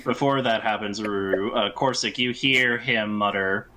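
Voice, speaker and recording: A man's voice: lowish voice, normal speed, sharp tone, slight background noise, low-quality recording. A man acting as game master, narrating a tabletop game in a laid-back, hedging way.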